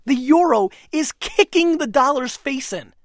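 Brash, energetic man in studio. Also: very high-pitched, a little slow, dry recording. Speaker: wine expert guest. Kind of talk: studio interview. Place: broadcast studio.

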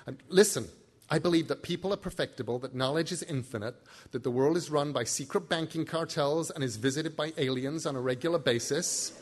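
A jittery, sharp-tongued young woman, read by a man who rambles and piles up emphatic lists. She talks in a quick spill of thoughts and swears when she's scared, in a plain storybook reading. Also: fairly high pitch, lightly acted. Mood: defiant.

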